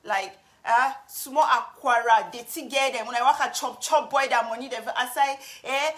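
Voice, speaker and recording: A woman's voice: a little high, fairly bright tone, natural voice. A woman voicing an arrogant, bullying man who fires off insults in Cameroonian Pidgin. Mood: boastful. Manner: scornful, rapid-fire insults.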